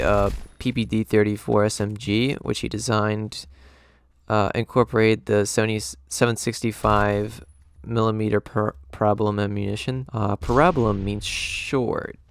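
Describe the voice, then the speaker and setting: A man's voice: lowish voice, level tone, unhurried, vocal fry, clean tone. Sarcastic man reviewing a video game. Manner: sarcastic, jokey asides. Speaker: gaming channel host. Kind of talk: game review commentary over gameplay.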